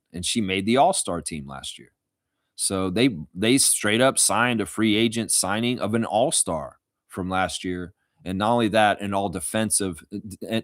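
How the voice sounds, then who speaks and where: A man's voice: on the low side, a bit bright, no echo, clean studio sound. A man hosting a casual live stream, reading chat comments and rambling with jokes and laughter.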